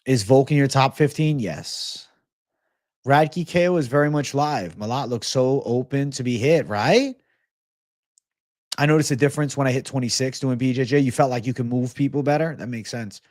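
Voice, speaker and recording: A man's voice: medium pitch, moderate pace, darkish tone, no room sound, clean studio sound. A young man in his twenties hosting a casual livestream Q&A, reading chat questions aloud and answering in a laid-back way with frequent swearing. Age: 20s. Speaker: host of a livestream Q&A.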